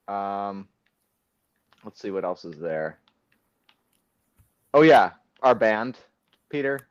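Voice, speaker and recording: A man's voice: on the low side, clean tone, dry recording. A teenage boy hosting a casual podcast over a phone call, rambling with restarts and laughing easily. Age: teens. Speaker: podcast host. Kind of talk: casual chat.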